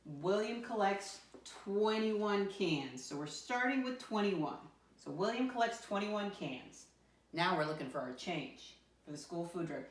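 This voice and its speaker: A woman teaching a math lesson to young children in a sing-song teacher voice, counting aloud and calling them "my friends". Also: lowish voice. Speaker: first grade teacher. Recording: roomy sound from a distant mic.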